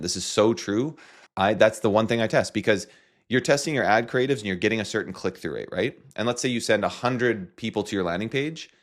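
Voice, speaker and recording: A man with a Canadian accent, casually walking through a marketing tutorial with joking asides. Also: on the low side. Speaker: marketing coach. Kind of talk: screen-share tutorial.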